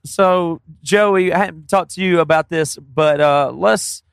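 A man's voice: on the high side, slow, creaky, clear, resonant tone, no room sound. A man co-hosting a podcast with dry, joking sarcasm in casual chat. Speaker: podcast co-host.

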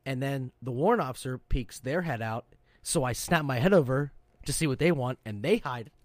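A man hosting a podcast, telling loud, profane stories in a casual chat. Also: medium pitch, moderate pace, no room sound. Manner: loud, profane, animated storyteller. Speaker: podcast host, serving sailor.

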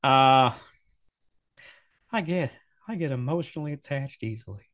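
A young man giving blunt, sarcastic reaction commentary, swearing freely and talking in quick restarts. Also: mid-range voice. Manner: blunt, profane, sarcastic, animated. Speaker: commentator reacting to video clips.

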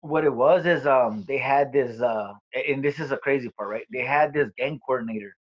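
Man telling a rough story, lo-fi sound. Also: medium pitch. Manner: profane, halting, with many fillers. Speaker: guest. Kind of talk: casual interview storytelling.

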